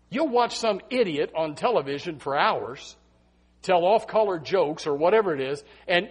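Husky, lively-voiced preacher man. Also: sits high. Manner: emphatic, repeats phrases, swings from hushed to loud. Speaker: pastor. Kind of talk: sermon. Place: church sanctuary.

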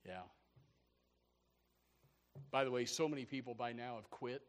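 A man preaching a sermon in an animated, stammering way, repeating words and acting out Bible characters. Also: mid-range voice, measured pace, pauses often, slight background noise. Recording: echoey hall.

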